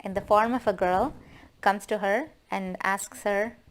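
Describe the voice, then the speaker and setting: A woman retelling a folk tale casually, her pitch sitting in a middle range. She talks in a loose, chatty way, leaning on fillers as she goes. It sounds like an informal retelling rather than a polished reading. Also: steady tone, measured pace. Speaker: storyteller.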